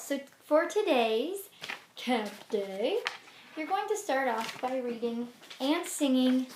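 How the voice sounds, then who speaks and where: A woman teacher reading a children's book aloud in an expressive way, then explaining class activities. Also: fairly high pitch. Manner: expressive storybook reading with lively swings. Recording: roomy echo with faint noise.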